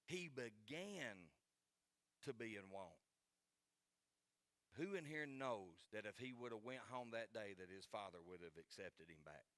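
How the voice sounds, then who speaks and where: A man's voice: lowish voice, lively intonation, measured pace, long pauses, a bit bright, no room sound. Man, forties, pastor, sermon, folksy and earnest, repeats himself for emphasis, dry close sound.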